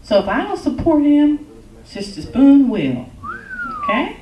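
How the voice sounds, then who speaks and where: A woman giving a joking, lively talk on relationships at a church service, acting out little quotes as she goes. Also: sits high, unhurried, noisy background. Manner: animated, joking, acts out quotes. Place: church hall with congregation. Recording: echoey hall, mic from far off.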